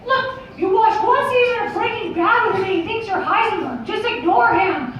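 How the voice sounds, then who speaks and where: A man voicing a giddy, foul-mouthed cartoon mouse in a high squeaky voice. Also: lively intonation, normal speed, fairly bright tone, highs cut off, slight background noise. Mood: excited. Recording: echoey room, distant mic.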